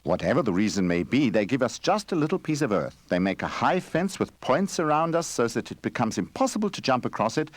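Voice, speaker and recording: A man voicing an old wandering male bear in a storybook game who talks loudly and plainly. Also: medium pitch, big pitch swings, a little fast, few pauses, dry recording, voice pushed up. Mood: grave.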